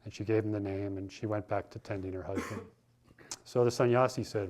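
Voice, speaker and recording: A man's voice: fairly low pitch, fairly even intonation, brisk, a little mellow. A man giving a spiritual talk, telling a story in an informal, conversational way with frequent restarts. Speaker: spiritual teacher. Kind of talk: sermon with storytelling.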